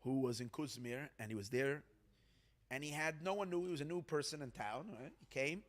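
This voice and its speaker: A man's voice: a little high, a little fast. A man, a rabbi, telling a dramatic story at an evening gathering, acting out the quotes and repeating words to build suspense. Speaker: rabbi telling stories of tzadikim.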